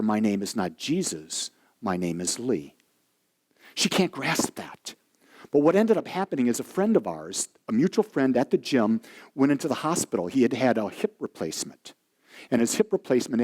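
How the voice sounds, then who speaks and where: Speaking at a moderate pace in a mid-range voice, this minister preaches a sermon built around stories. He brings them to life animatedly, performing the voices of the people he quotes.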